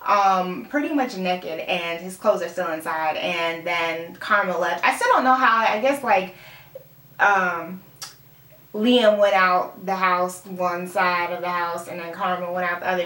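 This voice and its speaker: A woman's voice: fairly low pitch, a little slow, fairly bright tone. A young woman in casual chat, rambling through a TV episode recap, full of "like" and "um". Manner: rambling, full of "like" and "um", mixes up names. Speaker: TV recap vlogger. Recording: roomy room, mic far off.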